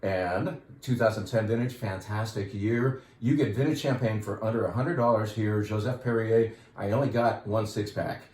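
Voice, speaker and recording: A chatty, middle-aged man talks up his wine shop's stock in a relaxed, enthusiastic way, with wry little asides. His voice sits fairly low, and it rings around a roomy, echoey space. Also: moderate pace, hardly any pauses. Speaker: wine shop owner. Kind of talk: casual product talk to customers. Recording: roomy echo.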